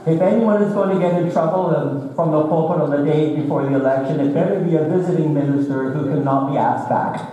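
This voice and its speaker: A visiting minister preaching a sermon in a measured, deliberate way, with touches of dry humor, in a large church. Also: male voice, fairly high pitch, mellow, a little hiss or hum. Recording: echoey church hall from far off.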